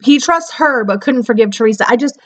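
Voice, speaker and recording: A woman's voice: a little high, lively intonation, brisk. A young woman giving a casual spoken book review, rambling and exasperated as she talks through what frustrated her.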